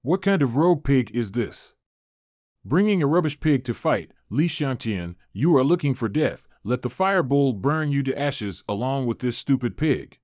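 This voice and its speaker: A man's voice: medium pitch, animated, normal speed, darkish tone, dry recording, lo-fi sound, lightly acted. A man reading as an arrogant mocking clan bully. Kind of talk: manhwa recap reading.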